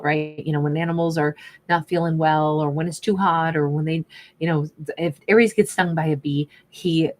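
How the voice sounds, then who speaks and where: Chatty, lower-voiced tarot reader woman. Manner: chatty and rambling, with laughs and asides. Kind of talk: casual tarot reading monologue. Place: home office at her desk.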